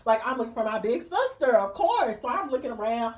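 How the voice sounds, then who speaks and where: A woman's voice: on the high side, a little fast, distant mic. A woman vlogger telling a personal story in a casual, chatty way, calling her listeners girl and y'all, and acting out the people she talks about. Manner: lively, acts out the people in the story.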